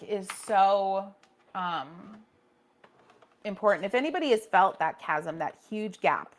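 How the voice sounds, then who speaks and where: A woman with a mid-range voice hosts a casual painting livestream, chatting with viewers and reacting to their comments while often restarting her sentences.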